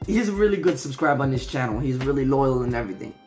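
A man from Denmark speaks English with an American-sounding accent at an ordinary middle pitch. He chats casually and earnestly as he reads viewer comments, thanking people again and again and drifting back to "so, yeah". A faint bed of music plays behind him. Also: expressive, fast, a little mellow. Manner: earnest and affectionate, often falls back on "so, yeah". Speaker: channel host.

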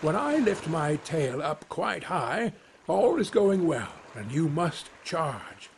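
A crafty fox general from a storybook fable, as a man voices him. He sounds sly and pleased with himself. His pitch is lifted a little and bounces. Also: sing-song, takes it slowly, vocal fry, slight background noise, heavily acted. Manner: sly and self-assured. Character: crafty, self-assured male fox general.

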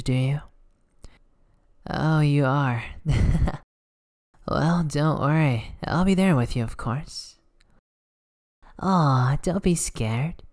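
A voice actor playing a cocky, teasing teenage boy volleyball setter in a soft, whispered role-play. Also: medium pitch. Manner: playful, teasing, soft-spoken. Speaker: ASMR voice actor.

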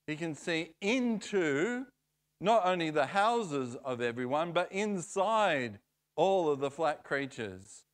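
A man preaching in church, telling a story in an unhurried, playful way. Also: fairly high pitch, fairly bright tone, clean tone. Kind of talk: storytelling sermon.

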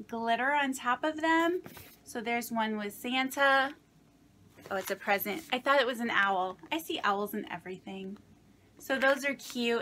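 With a slightly high, bright and forceful voice, a woman from Indiana unboxes items for her craft vlog, sentimental and full of happy exclamations despite sounding a bit shaky and under the weather. There's a little hiss or hum in the audio.

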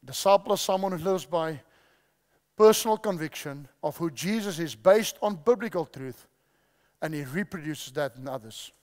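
A man's voice: a little high, animated, moderate pace, a little mellow. A male preacher giving a sermon, repeating key phrases and quizzing the audience, in a large church hall. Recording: long hall reverb.

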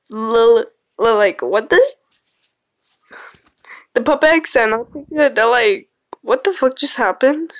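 A woman's voice: fairly high pitch, lively intonation, slow pace, long pauses, no room sound. A woman hosting a casual screen-recorded vlog, exasperated, swearing and laughing, recorded on a phone. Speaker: channel host reacting to fan art. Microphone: phone screen recorder mic.

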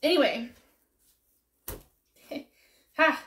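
A woman with a high, fairly bright, expressive voice speaks extremely slowly on a live stream from her office. She chats casually but is emotional and close to tears, fighting back crying while also laughing. The room sounds echoey.

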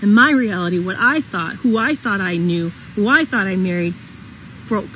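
Middle-aged woman, personal storytime narrator, earnest and halting, plenty of restarts, mid-range voice. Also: medium pitch, animated, fairly bright tone, highs cut off, slight background noise.

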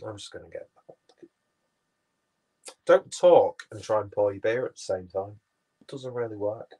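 A rambling man talks casually on a livestream, swearing freely and making fun of himself. His voice sits a little low. He wanders from one thought to the next in an easy, loose way. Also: animated, a little slow, mellow. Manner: rambling, sweary, self-mocking. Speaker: livestream host. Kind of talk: casual chat, reading viewer comments.

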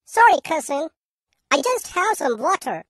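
A woman voicing a kind, patient country mouse in a cartoon who speaks gently and obligingly. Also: high voice, sing-song, measured pace, no room sound, clean studio sound, heavily acted. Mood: polite. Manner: gentle, accommodating.

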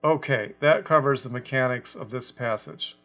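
A man teaching a scripture lesson about a translation, speaking deliberately and stressing quoted words. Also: medium pitch, bright, forceful tone, faint music behind. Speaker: Bible teacher.

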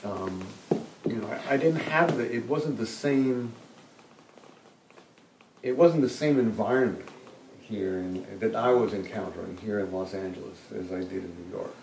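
A man in his sixties, a retiring musician, speaking softly and hesitantly in an interview, often repeating words as he starts a thought. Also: on the low side, measured pace, noisy background. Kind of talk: relaxed interview conversation. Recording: roomy sound from a distant mic.

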